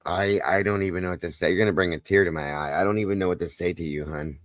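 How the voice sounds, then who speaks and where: A man hosting a live stream, talking softly and consolingly to viewers in the chat. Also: sits low, fairly even intonation, fast talker, no room sound, studio quality. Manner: soft, consoling, emotional. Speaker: livestream host.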